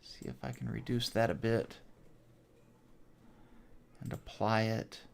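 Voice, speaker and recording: A man's voice: lowish voice, flat delivery, slow pace, gravelly, slight background noise. A middle-aged man hosting a casual livestream from home, rambling in a chatty way, laughing often and muttering to himself as he builds. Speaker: host of a theme park channel livestream. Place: his home.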